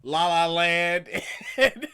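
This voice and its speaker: A man's voice: sits high, huge pitch swings, extremely slow, very noisy. A man co-hosting a casual chat, chiming in with dry jokes and laughter. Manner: dry jokey interjections, laughing. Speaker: co-host.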